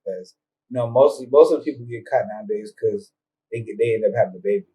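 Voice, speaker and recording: A man's voice: lowish voice, fairly even intonation, fast talker, warm tone, rough recording. A man co-hosting a podcast in casual chat, easygoing and teasing, often stopping and restarting his sentences. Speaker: podcast co-host.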